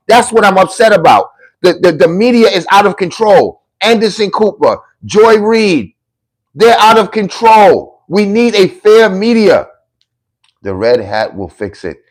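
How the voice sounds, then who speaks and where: A man's voice: high voice, very animated, moderate pace. A male political commentator on a livestream, reading viewer comments aloud and answering them in a combative, scolding way, hammering his points in repeated lists. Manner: combative, scolding, calls critics dummies; repetitive emphatic lists.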